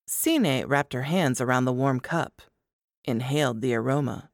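A woman narrating an audiobook in a measured, expressive storytelling manner. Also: a bass voice, dry recording, studio quality.

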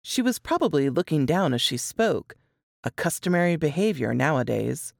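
A woman with a low voice reads her own story, lingering over each phrase. Her delivery is expressive, with lively swings of pitch, and the recording is close and dry. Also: normal speed, vocal fry, no echo. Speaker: author reading her story. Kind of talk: dramatic fiction reading.

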